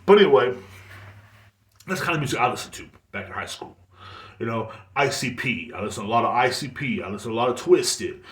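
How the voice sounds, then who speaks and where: A man's voice: medium pitch, lively intonation, fast, a bit bright. A man in his thirties hosting a podcast, rambling bluntly in casual monologue and swearing freely. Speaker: podcast host. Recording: echoey room.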